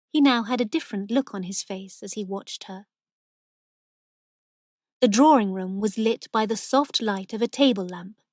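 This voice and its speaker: Woman, slow narration, English lesson story, even and clear, dry close sound. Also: medium pitch, no echo. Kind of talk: slow reading for English learners.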